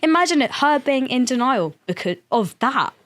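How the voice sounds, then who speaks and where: A woman's voice: high-pitched, lively intonation, moderate pace, a bit bright. Laughing, swearing young woman on a podcast. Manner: laughs often, swears, acts out her mother in quotes. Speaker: podcast guest. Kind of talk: casual podcast chat.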